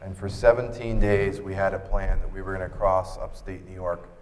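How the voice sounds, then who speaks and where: A man giving an earnest personal storytelling talk as a keynote speaker at an expo, acting out dialogue in lively voices. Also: low voice, moderate pace, long reverb tail, a little hiss or hum. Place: expo stage.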